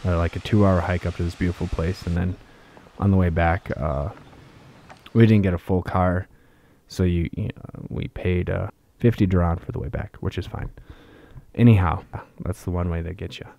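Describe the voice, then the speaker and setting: A man's voice: deep voice, steady tone, normal speed, creaky, mellow. A man casually recounting his travels as a vlogger, rambling with fillers and restarts. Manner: rambling, laid-back, many fillers and restarts.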